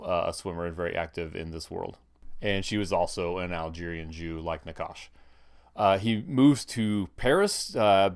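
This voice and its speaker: A man's voice: on the low side, a little mellow, clear, resonant tone. A man giving casual commentary on a history film, thinking aloud with frequent restarts. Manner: thinking aloud, many restarts and hedging fillers.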